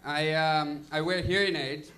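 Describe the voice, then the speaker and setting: A man's voice: a little high, steady tone, a little slow, sharp tone. A young man doing a stand-up comedy set in a loose, self-deprecating way, full of fillers. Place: comedy lounge stage.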